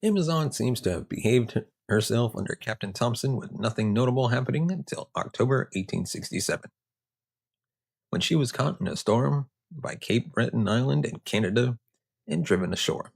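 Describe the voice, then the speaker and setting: A man's voice: mid-range voice, lively intonation, moderate pace, vocal fry, husky. A man hosting a history show, narrating with joking, conversational asides. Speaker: host.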